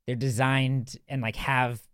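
A man's voice: medium pitch, level tone, measured pace, fairly bright tone, clear, resonant tone, dry recording. A man hosting a casual podcast in a tiny studio, rambling with plenty of fillers and restarts. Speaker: podcast host.

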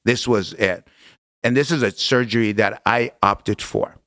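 A man with a low, gravelly voice recounts his story to an interviewer. He speaks earnestly and leans on repetition for emphasis. The sound is close and dry, with no room around it. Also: fairly even intonation, unhurried, a bit bright, dry recording. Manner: earnest, emphatic, repeats phrases for weight. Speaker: podcast guest. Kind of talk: storytelling in conversation.

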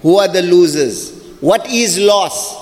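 A male preacher delivering an emphatic, rhetorical sermon, rapidly reciting Arabic verses between English explanations. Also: high voice, animated. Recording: long hall reverb.

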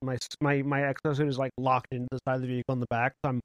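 A man chatting as a player in a tabletop game, halting and chuckling between remarks. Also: medium pitch, little pitch movement, no echo, studio quality. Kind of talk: casual tabletop game chat.

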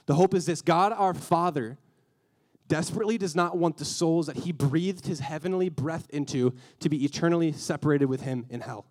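A man's voice: fairly high pitch, normal speed, darkish tone. A young man giving a casual, earnest sermon to a youth group, acting out quotes in a slangy, conversational way. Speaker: youth speaker.

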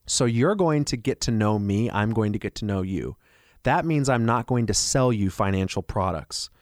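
Persuasive man pitching on the radio. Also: animated, moderate pace, no echo, studio quality. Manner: persuasive, rhetorical questions. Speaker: financial advisor.

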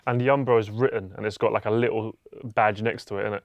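A man co-hosting a football podcast in casual chat, with quick, enthusiastic interjections. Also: fairly low pitch, steady tone, dry recording. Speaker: co-host.

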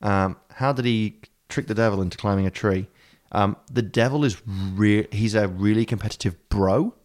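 A fairly low-pitched man chatting casually on a podcast. He improvises as he goes, swears freely and rambles through stories with comic asides. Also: moderate pace, a little mellow. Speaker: podcast co-host. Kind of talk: casual comedic chat.

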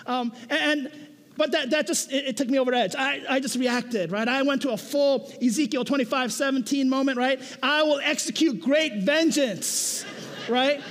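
A man preaching a sermon, conversational and animated, often checking in with "right?" and telling stories with self-mocking humor. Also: extremely high pitch, brisk. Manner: conversational, keeps asking "right?". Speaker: pastor. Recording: echoey hall.

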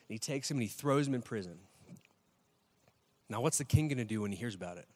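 A man's voice: medium pitch, fast, long reverb tail. A man preaching a sermon as pastor, telling stories with energy and putting questions to the congregation. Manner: animated storytelling, asks the crowd questions.

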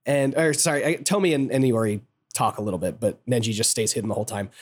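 A podcast co-host casually recapping a video game scene by scene, excited, laughing often and swearing casually. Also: mid-range voice, quick pace.

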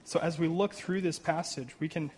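An earnest man preaching a sermon in a fairly high-pitched voice. He reads scripture with rising emphasis and breaks it up with casual asides and jokes at his own expense. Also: steady tone, normal speed, a little mellow, slightly rough. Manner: earnest, with frequent "right?" asides and self-deprecating humor. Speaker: pastor.

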